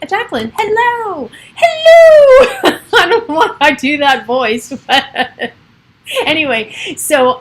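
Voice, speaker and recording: A woman's voice: a little high, a bit bright, slight background noise. A middle-aged woman chatting on a casual home livestream, giggly and wandering off topic. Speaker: realtor livestreaming to followers. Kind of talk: rambling casual livestream chat.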